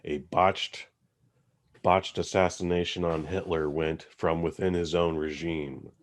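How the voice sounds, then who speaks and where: A young adult man hosts a casual movie podcast. He rambles in an animated way and swears freely. His voice sits on the low side. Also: unhurried. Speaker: podcast host. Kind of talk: casual movie-review chat.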